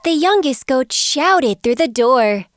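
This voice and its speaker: A woman narrating a children's cartoon fairy tale in a clear, lilting, expressive storybook style. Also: high voice, slow, dry recording, studio quality. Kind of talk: scripted bedtime storybook narration. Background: background music.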